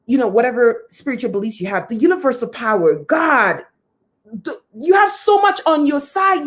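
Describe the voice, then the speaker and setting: Emphatic woman coach. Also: high voice. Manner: emphatic, repeats phrases for effect. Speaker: guest speaker and coach. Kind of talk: motivational talk.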